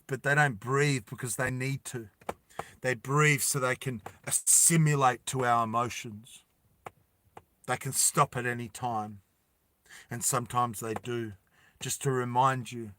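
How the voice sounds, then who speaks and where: A man telling a dramatic story slowly and deliberately, with emphatic repetition. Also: medium pitch, pushed and bright, a little hiss or hum. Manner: slow deliberate with emphatic repeats.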